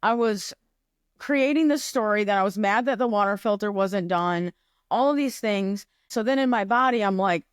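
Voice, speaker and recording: A woman's voice: mid-range voice, normal speed, smooth, dry recording, studio quality. A woman co-hosting a podcast, telling a personal story in a casual, reflective way. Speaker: podcast co-host. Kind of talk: casual chat.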